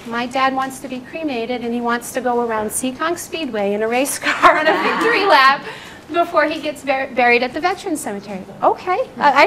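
A woman nurse presenting on palliative care to healthcare staff, telling stories with lively, animated shifts in voice. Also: a little hiss or hum, poor audio. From United States. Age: adult. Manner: animated storytelling with lively jumps in pitch.

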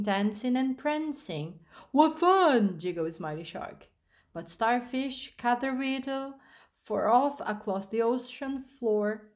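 Woman storyteller, children's picture book; unhurried, sing-song delivery. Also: medium pitch.

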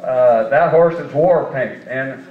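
A man's voice: medium pitch, slow. A man hosting an onstage interview, friendly and prompting with a few fillers. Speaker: emcee and interviewer. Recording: tinny, distant sound in an echoey hall.

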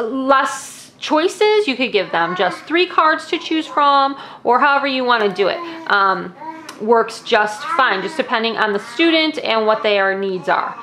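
Friendly woman explaining a lesson. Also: on the high side. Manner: friendly, explains step by step with fillers. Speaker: teacher demonstrating activities. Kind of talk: casual how-to demonstration.

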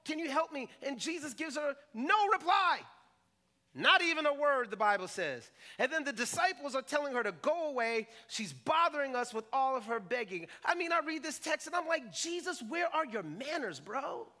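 A high-pitched male pastor preaching in church, bright and forceful in tone. He jokes, acts out quotes and keeps the sermon animated. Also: normal speed. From Jamaican family roots. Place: church stage.

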